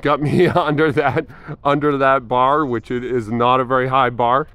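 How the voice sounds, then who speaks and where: A man's voice: mid-range voice, level tone, moderate pace, a bit bright, clear, resonant tone, no echo. A man in his forties talking casually in a fitness vlog, thinking aloud with frequent fillers and restarts. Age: 40s. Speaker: fitness vlogger.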